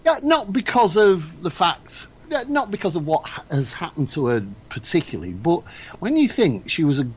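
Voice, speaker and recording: A man's voice: a little high, sing-song, normal speed, slightly rough, muffled recording. A man co-hosting a casual radio chat, telling anecdotes and often laughing as he talks. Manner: storytelling, laughs through his words.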